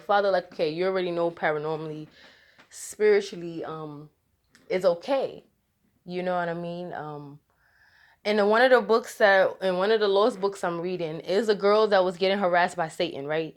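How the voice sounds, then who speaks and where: A woman telling a rambling, casual story to her viewers, laughing often and restarting her sentences. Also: fairly low pitch. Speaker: vlogger.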